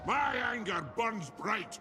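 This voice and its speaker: An actor voicing gruff male dwarf lords and slayers, giving clipped, battle-hungry unit barks. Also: sits high, animated, slow pace, raised voice. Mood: grim. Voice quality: gravelly. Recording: game audio with music behind.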